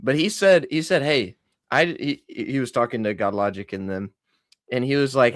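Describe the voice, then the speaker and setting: A man's voice: mid-range voice, moderate pace, dry recording, clean studio sound. A man hosting a casual livestream chat, animatedly retelling what others said. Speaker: host.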